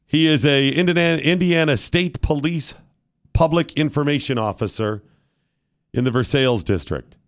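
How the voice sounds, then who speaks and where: A man hosting a talk show, ranting with mock solemnity and breaking into loud indignant outbursts. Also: a little high, normal speed. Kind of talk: comic rant on a talk show.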